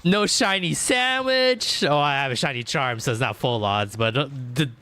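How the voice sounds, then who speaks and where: Bright-voiced, excitable male streamer. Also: mid-range voice, fairly quick, soft background music. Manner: rambling, many fillers and restarts, swears freely; bursts into loud excited exclamations. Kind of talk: casual livestream chat while gaming.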